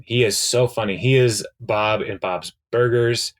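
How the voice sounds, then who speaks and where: A podcast co-host recaps a TV episode in casual conversation, rambling with lots of fillers and quoting characters' lines as he retells scenes. His voice is mid-range and steady, a little slow.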